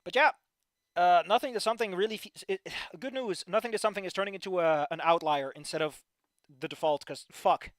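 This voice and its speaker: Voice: mid-range voice, fairly quick, no echo, clean studio sound. A worn-out streamer giving casual livestream commentary on fan fiction, with a weary, profane, ranting manner.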